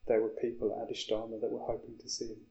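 Man, reflective guest, measured and earnest, monotone, muffled lo-fi sound. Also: fairly low pitch, vocal fry. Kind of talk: reflective conversation.

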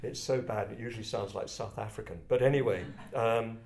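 An older English man from Kent telling personal stories to a group in a reflective, halting, self-deprecating way. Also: fairly low pitch, steady tone, vocal fry, a little mellow. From England, Kent. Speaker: speaker addressing a group. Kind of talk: personal storytelling talk. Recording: roomy echo.

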